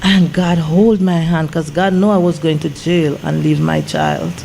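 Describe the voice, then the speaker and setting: A woman's voice: sits low, unhurried, creaky, slight background noise. A woman, a gospel singer and songwriter telling an emotional story as an interview guest, with lots of "I said" retellings. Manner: animated, repeats "I said" when retelling.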